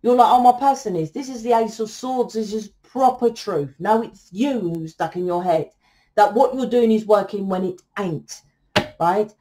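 A woman doing a laid-back tarot reading straight to camera, her voice at an ordinary middle pitch. She is blunt and sweary, and she keeps checking in with her listener with a quick "right?" between points. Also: dark tone. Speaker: tarot reader.

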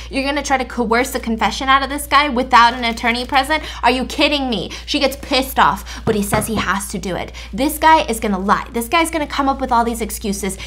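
Casting: young woman, chatty storytime vlogger, animated, a bit high. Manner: chatty, animated retelling with mock-censored swears. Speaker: YouTube storyteller. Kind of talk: casual storytime while baking.

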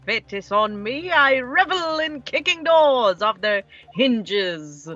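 A woman's voice: high voice, sing-song, slow pace, a bit bright, dry recording, muffled recording, soft background music, exaggerated voice. A woman voicing a brash, boastful male detective with a theatrical, grandiose manner in a voiced game playthrough.

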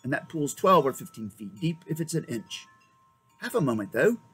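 Man voicing a quick-thinking storybook schoolboy, emphatic, commanding, lively pitch. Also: breathy edge, faint music behind, exaggerated voice. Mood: urgent.

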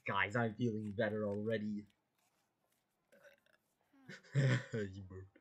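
A YouTube host reacting to animations in an excitable way, gasping often and repeating words when alarmed. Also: mid-range voice, unhurried, breathy edge.

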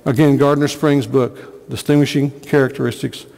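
A man's voice: medium pitch, flat delivery, moderate pace, vocal fry, darkish tone, in a large hall. A man preaching a sermon as pastor, earnest, repeating phrases for emphasis. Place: church sanctuary.

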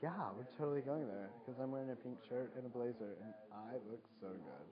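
A man's voice: mid-range voice, lively intonation, brisk, a crowd in the background. Slangy mocking man on a live stream. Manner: slangy, mocking, swears freely. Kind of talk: casual joking live commentary. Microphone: phone mic. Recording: dull lo-fi phone stream audio.

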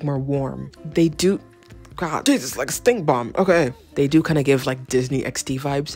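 A young woman hosting a casual clothing haul vlog at home, playful and self-mocking, chatting straight to the viewer with theatrical asides. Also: extremely low pitch. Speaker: fashion vlogger.

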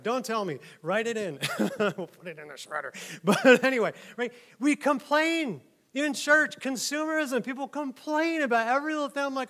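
A male pastor gives a loose, conversational sermon into a microphone in a church. His voice sits high for a man. He jokes a lot and keeps checking in with his listeners. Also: animated, brisk, a bit bright. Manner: chatty, joking, keeps asking "right?". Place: church sanctuary.

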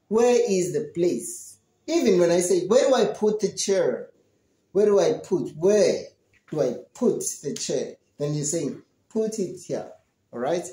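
An English teacher giving an online lesson to young children, slowly repeating and drilling questions and answers. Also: mid-range voice, dark tone, roomy sound, low-quality recording.

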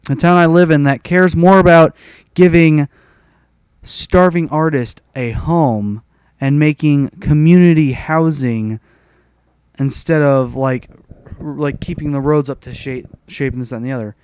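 Young guy rambling and cursing about his day, smooth voice, dry close sound. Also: on the high side, a little slow, a little mellow, no room sound. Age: young adult. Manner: rambling, profane, frustrated. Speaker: gaming commentator. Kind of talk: casual rant over gameplay.

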